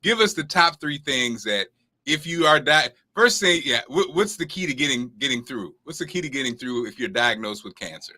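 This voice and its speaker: A man's voice: medium pitch, animated, normal speed, pushed and bright. A man hosting a talk show, asking the guest questions and affirming her answers. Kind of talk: casual talk show chat.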